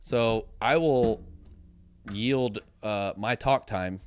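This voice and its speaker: A man's voice: on the low side, extremely slow, clear, resonant tone. A man co-hosting a casual gaming chat show, rambling and sometimes losing his words mid-sentence. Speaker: podcast co-host. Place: home studio.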